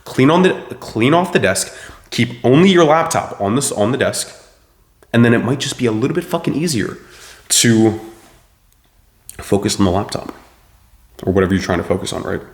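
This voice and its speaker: Young male host, profane motivational rant, mid-pitched voice, roomy echo. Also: animated, normal speed, long pauses. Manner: blunt, swearing, preachy and forceful. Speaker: self-improvement video host.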